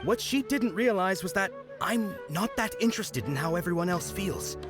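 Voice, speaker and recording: Lovestruck young game knight, bashful, hesitant, a bit high, lively pitch, game music behind. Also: male voice, moderate pace. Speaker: game character. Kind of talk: video game voice acting.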